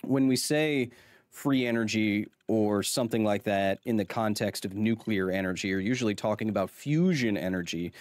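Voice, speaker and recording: A man's voice: on the low side, normal speed, a little mellow, dry recording. Playful man streaming a game. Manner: playful, jokey, reads chat aloud. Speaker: streamer, science communicator. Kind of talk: casual live-stream chat.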